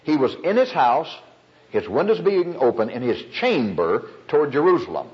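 Storytelling male preacher, lively pitch. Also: normal speed. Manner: storytelling preacher, acts out quoted voices. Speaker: pastor. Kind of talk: sermon. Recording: dull lo-fi recording.

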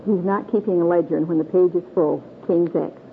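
A woman's voice: on the low side, steady tone, fairly quick. A middle-aged woman from Michigan teaching a Bible class to a group in a folksy, earnest way, asking her listeners questions. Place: meeting room with a group. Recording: tinny phone-like old tape with faint hiss.

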